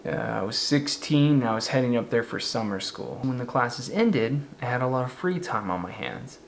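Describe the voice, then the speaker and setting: A man's voice: mid-range voice, animated, normal speed, vocal fry, slight background noise. A man casually narrating a spooky true story, now and then acting out the voices of the people in it. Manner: casual, conversational, acts out quoted voices.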